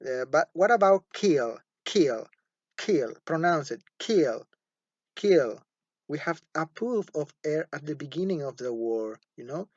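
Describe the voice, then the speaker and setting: Speaking at normal speed with few pauses, the teacher's medium-pitched voice stays expressive through a phonetics lecture. He repeats words patiently and checks in often with "okay?", all on a dull, dry, lo-fi recording.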